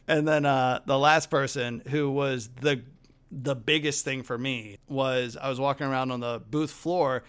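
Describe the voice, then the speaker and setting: A young man hosting a podcast, telling stories in a casual, lively way and acting out other people's lines. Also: mid-range voice, unhurried, smooth. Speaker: podcast host. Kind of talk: casual storytelling chat.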